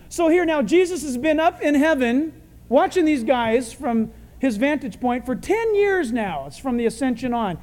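A man's voice: very high-pitched, very animated, moderate pace, darkish tone. Brief: humorous male preacher, conversational sermon, big hall echo.

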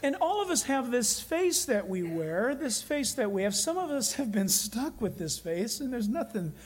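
A man with a fairly high voice, preaching a sermon. He tells stories in an earnest way and draws out the phrases he wants to stress. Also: big pitch swings. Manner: earnest, storytelling preacher with emphatic slowed phrases. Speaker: pastor.

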